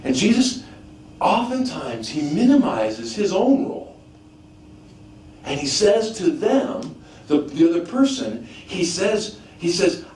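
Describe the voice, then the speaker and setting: A man's voice: sits high, slow pace. Preacher man in an echoey hall. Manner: animated, rhetorical questions, frequent restarts. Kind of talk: sermon teaching. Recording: echoey room, mic at a distance, faint background noise.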